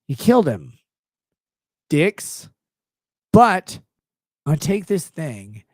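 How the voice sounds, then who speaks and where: A man doing a low, crude, exasperated God. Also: slow, no echo, exaggerated voice. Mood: aggrieved. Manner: crude, deadpan, scolding. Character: exasperated male God, blunt and profane.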